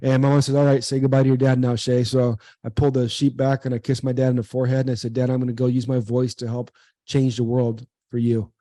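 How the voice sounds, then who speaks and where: A man's voice: mid-range voice, level tone, fast talker, warm tone, no room sound. A man in his forties, a former pro athlete, earnestly telling a personal story in an interview, repeating words as he goes. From United States. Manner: earnest, repeats words, acts out quoted dialogue. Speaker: guest, former pro baseball player and speaker.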